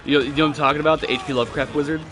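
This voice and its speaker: A man's voice: fairly high pitch, fairly even intonation, racing, fairly bright tone, soft background music. A young man, telling rambling, profane stories while gaming with friends. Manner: rambling, profane storytelling with laughs. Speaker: gamer chatting with friends. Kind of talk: casual gaming chat.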